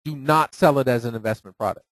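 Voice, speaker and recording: A man's voice: medium pitch, fast talker, no echo, rough recording. A man teaching a live audience who keeps asking rhetorical questions and tagging them with "right?". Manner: lively, acts out phone calls in quoted voices. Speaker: financial seminar speaker.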